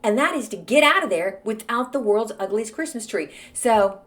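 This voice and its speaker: A woman in her forties hosting a podcast, telling a story in a snarky, animated way. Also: on the high side, moderate pace. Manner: snarky, animated, acts out quoted voices. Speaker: podcast host. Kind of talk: casual storytelling monologue.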